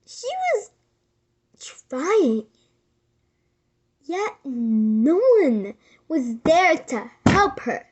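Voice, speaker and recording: A woman with a very high, light voice tells a story to camera in loose, casual chat. She rambles with many fillers and restarts and sometimes drops to a near whisper. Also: sing-song, very slow, pauses often, darkish tone, highs cut off. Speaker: vlogger.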